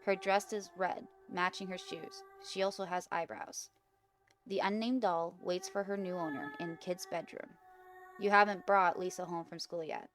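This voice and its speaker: A woman's voice: lowish voice, fairly even intonation, moderate pace, a bit bright, faint music behind. Giggly young woman reading a horror game. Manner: casual, giggly, stumbles over words. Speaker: gaming video host. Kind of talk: reading aloud an interactive horror story game.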